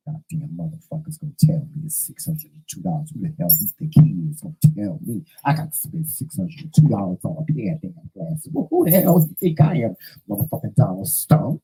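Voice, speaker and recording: A man hosting his own show, telling stories to camera in a casual, animated and profane way. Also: a little high, fairly quick, gravelly, breathy edge, soft background music, rough recording. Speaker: host.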